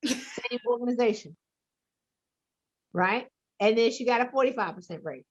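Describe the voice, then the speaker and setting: A woman career coach talking loudly and emphatically in casual chat, telling stories with slang. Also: fairly high pitch, lively intonation, moderate pace, husky, dull audio. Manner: loud, emphatic storyteller, slips into slang.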